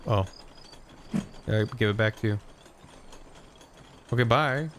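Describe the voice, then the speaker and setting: A man's voice: fairly low pitch, slow pace, noisy background. A man giving casual gameplay commentary as a streamer, playful and wry.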